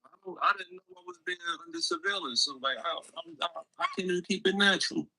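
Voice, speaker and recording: A man's voice: high voice, expressive, quick pace, bright, forceful tone, husky, rough recording. A man from City, a guest on a live stream, bantering in a blunt, profane, teasing way. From Jersey City. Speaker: guest on a livestream. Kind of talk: casual banter.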